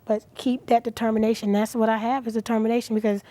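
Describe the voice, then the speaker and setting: A middle-aged woman guest on a talk show, speaking earnestly and with feeling, at times dropping to a soft near-whisper. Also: a little high, fast. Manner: earnest, animated, drops to soft near-whispers at emotional moments. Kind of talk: inspirational talk show interview.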